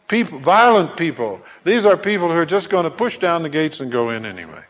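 A man preaching a sermon who acts out scripture scenes in lively voices, at times hollering. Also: a little high, fairly quick, few pauses. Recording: long hall reverb.

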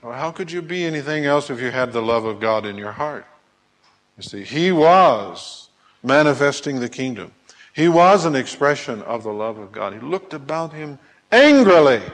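A man preaching a sermon who acts out scripture scenes in lively voices, at times hollering. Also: mid-range voice, moderate pace. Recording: long hall reverb.

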